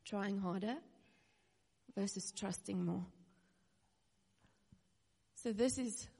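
A woman's voice: mid-range voice, slow, creaky, warm tone, husky. A woman in her thirties preaching a personal sermon, earnest and near tears, with nervous little laughs. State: close to tears. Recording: reverberant hall.

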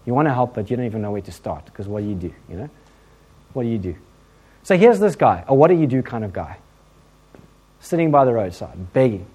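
A male preacher with an English accent delivers a chatty sermon. He talks like he is telling a story to friends, with quick asides and a joking edge. His pitch swings up and down a lot as he goes. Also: slightly rough. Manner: conversational, humorous, animated, with many asides.

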